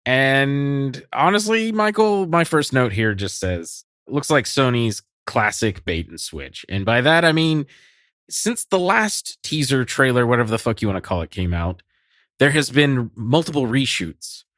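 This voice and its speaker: Animated ranting male podcast host. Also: medium pitch, unhurried, no echo, clean studio sound. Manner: ranting, cynical, swears and laughs often. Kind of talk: casual podcast chat.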